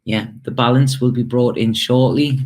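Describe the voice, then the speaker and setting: A man's voice: medium pitch, fairly even intonation, moderate pace, darkish tone. A man giving an intuitive tarot and spirit reading to camera. He talks hesitantly, repeating words and stopping for emotional asides. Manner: hesitant and repetitive, with many fillers and emotional asides. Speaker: tarot reader.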